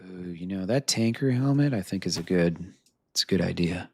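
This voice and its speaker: A man's voice: low-pitched, lively intonation, moderate pace, husky, no echo. A man from the United States streaming a video game live, chatting with viewers, laughing often and talking to himself as he searches for gear. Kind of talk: live gameplay commentary to chat.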